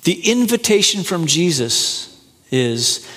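High-voiced preacher in an echoing hall. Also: male voice, lively intonation, moderate pace. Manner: impassioned preaching, rising high then dropping soft and low. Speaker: pastor. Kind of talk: sermon. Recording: echoey hall with long reverb.

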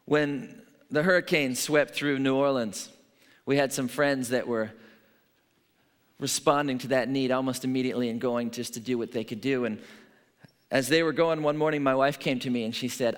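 A male pastor giving a sermon in a relaxed, conversational way, telling stories and checking in with his listeners. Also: mid-range voice, moderate pace, pauses often, in a large hall. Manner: conversational, storytelling, frequent "right?" asides.

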